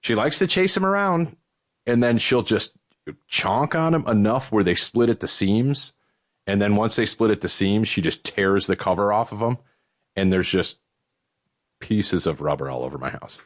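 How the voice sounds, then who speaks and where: A middle-aged man from Western New York hosting a podcast, telling stories in a casual, profane way while out of breath. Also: moderate pace. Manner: profane, animated storytelling with swooping pitch. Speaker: podcast host. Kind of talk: casual chat.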